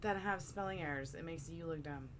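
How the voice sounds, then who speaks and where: A woman's voice: low-pitched, fairly quick, fairly bright tone, slight background noise. A woman co-hosting a podcast, chatting casually with a wry, teasing humor. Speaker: podcast co-host. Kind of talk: casual chat.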